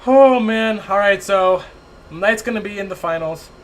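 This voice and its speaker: A young man casting a strategy game live from his home attic, excitable, laughing often and chatting with his viewers. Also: sits high, a little slow. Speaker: esports caster. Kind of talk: live game commentary with chat banter.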